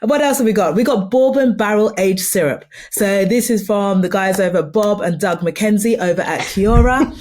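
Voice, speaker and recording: Casting: woman co-host on a podcast, mid pitch, upbeat and chatty. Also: normal speed, hardly any pauses, darkish tone. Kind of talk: casual chat.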